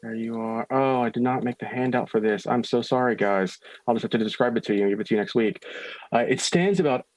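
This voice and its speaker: A man's voice: mid-range voice, little pitch movement, darkish tone, no echo. Dry-voiced man narrating a horror game. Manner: slow, suspenseful scene description with casual asides. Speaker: dungeon master.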